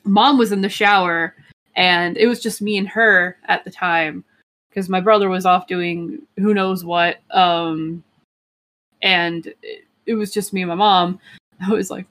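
A young woman co-hosting a podcast, telling a story in a casual, rambling way with lots of "like" and "um" and quick laughs. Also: mid-range voice, steady tone, a bit bright. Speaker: podcast co-host.

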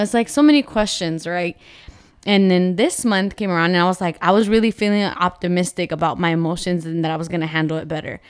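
Smooth-voiced woman sharing candidly. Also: fairly low pitch, steady tone, brisk, no echo, studio quality. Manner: earnest and open, with frequent fillers. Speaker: vlog co-host, mother. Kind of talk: candid personal vlog talk.

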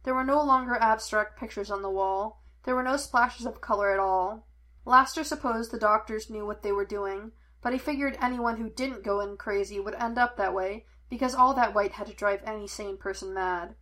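A woman reading fan fiction aloud as an audiobook, in an even, plain storytelling manner. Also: medium pitch, moderate pace. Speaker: audiobook reader.

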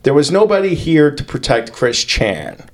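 A man's voice: a little high, wildly swooping pitch, moderate pace. A man co-hosting a podcast, telling stories in casual chat with crude jokes and frequent laughs. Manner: crude, joking storyteller who laughs often. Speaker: podcast co-host.

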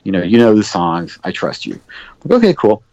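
A fairly low-voiced man chatting as an interview guest. He rambles through studio stories with plenty of "um" and "you know," acting out what people said. The recording is dull and lo-fi with a dry, close sound. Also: huge pitch swings, moderate pace, darkish tone, no echo. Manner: rambling, many fillers, acts out quoted dialogue. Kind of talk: casual interview storytelling.

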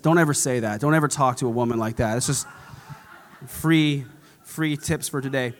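A man's voice: medium pitch, moderate pace. A man preaching a sermon in a casual, conversational way, repeating phrases for dramatic emphasis. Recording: long hall reverb.

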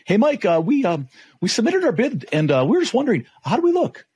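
Man doing a hesitant, stressed supplier salesman, high and pleading, a little breathy. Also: huge pitch swings, a little fast, exaggerated voice. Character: nervous male supplier salesman.

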